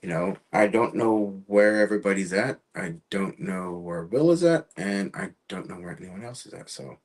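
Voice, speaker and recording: Low-voiced man hosting a rambling livestream. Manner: rambling, halting, trails off. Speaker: show host. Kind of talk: casual livestream talk.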